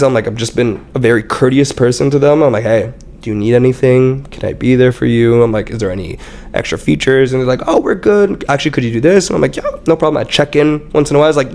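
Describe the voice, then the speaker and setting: A young man, a startup founder on a podcast, chatting casually and acting out what people said to him, with plenty of swearing. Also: mid-range voice. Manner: animated storyteller who acts out quotes with lots of swearing. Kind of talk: casual interview chat.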